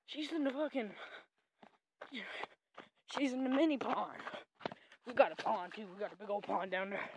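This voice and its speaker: A woman vlogging outdoors on a farm, loud, excitable, joking and swearing as she walks. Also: mid-range voice, measured pace, vocal fry, long pauses, a little hiss or hum, poor audio. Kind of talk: casual vlog while walking. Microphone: handheld camera.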